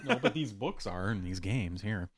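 Man, casual podcast chat, playful, very lively pitch, dry sound. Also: moderate pace, no room sound. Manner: playful, animated storytelling with laughs. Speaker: podcast co-host. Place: small room in a house.

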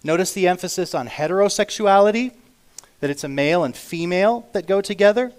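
A man preaching a sermon as pastor, earnest and emphatic, swinging between loud declarations and quiet asides, slowing down to read scripture aloud. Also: sits high, smooth. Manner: reads scripture aloud slowly.

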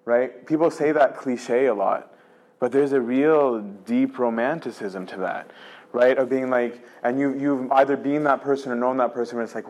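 A man with a medium-pitched, steady, darkish voice gives an informal religious lecture on spiritual life at a moderate pace. He speaks casually and with animation, full of fillers and "right?" tags, acting out the voices of God and the soul.

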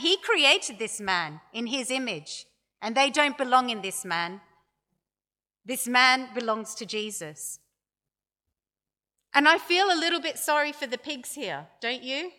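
High, slow-speaking woman preacher. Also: pushed and bright. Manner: measured storytelling with dramatic quoted lines. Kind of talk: sermon. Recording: long hall reverb.

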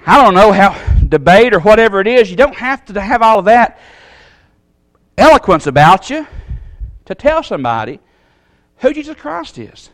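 A man preaching a sermon in a Southern American accent, folksy and animated, acting out the voices he quotes. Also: sits high, moderate pace, pauses often, no echo. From Southern United States.

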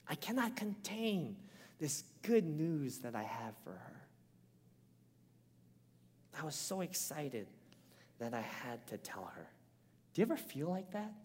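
A man delivers a sermon with animated, storytelling energy and keeps tossing "right?" to his listeners. His voice sits a bit high for a man. It rings out in a hall with a long reverb. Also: measured pace. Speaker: pastor.

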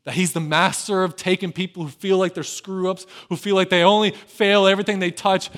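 A man preaching a sermon in an animated way, acting out quoted voices and swinging from quiet, drawn-out lines to loud, emphatic ones. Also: high-pitched. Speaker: pastor.

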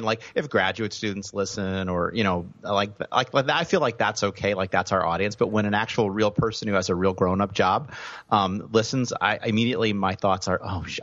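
A man's voice: lowish voice, moderate pace, fairly bright tone, dry recording, muffled recording. A man co-hosting a podcast in casual chat, rambling and self-deprecating with many "like"s. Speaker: podcast co-host.

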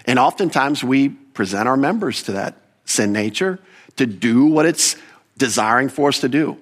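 A man with a mid-range voice preaches a sermon as a pastor. He speaks with animated emphasis, asks rhetorical questions, and quickly corrects himself.

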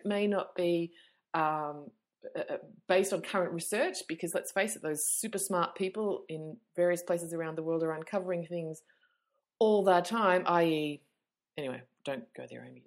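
Chatty woman with lower pitch. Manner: chatty, rambling, self-mocking with many fillers. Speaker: podcast host and yoga teacher. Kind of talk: casual podcast chat.

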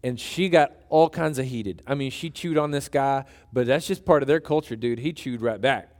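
A man preaching a sermon as a pastor, telling a story with animated, joking, emphatic delivery. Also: medium pitch, moderate pace.

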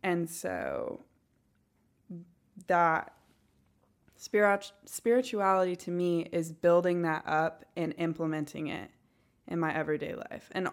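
A woman's voice: lowish voice, steady tone, measured pace, long pauses. A woman with a Northwest Arkansas accent, chatting casually and giggling often, thinking aloud with many fillers. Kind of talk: casual podcast chat.

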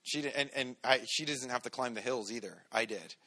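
A man, a pastor, giving a relaxed, conversational sermon with everyday stories. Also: medium pitch, a little fast. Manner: relaxed, storytelling, talks to the congregation directly.

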